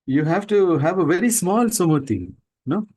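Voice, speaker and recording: Emphatic man, a spiritual teacher on a podcast, with a fairly high voice. He asks many pointed questions and mocks people with quick put-on voices. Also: lively intonation, a little mellow, breathy edge, low-quality recording. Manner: emphatic, full of rhetorical questions. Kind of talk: spiritual talk to students.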